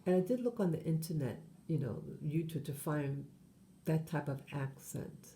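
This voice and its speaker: Woman, channel host, rambling monologue, very dark mellow tone, low pitch. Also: lively intonation, moderate pace, slight background noise. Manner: meandering, with frequent self-corrections and fillers.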